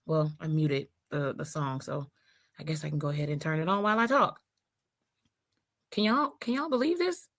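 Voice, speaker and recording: A woman's voice: deep voice, lively intonation, normal speed, long pauses, a bit bright, dry recording. A woman in a clip from another creator's video, talking emphatically and indignantly with rhetorical questions. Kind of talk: casual commentary video.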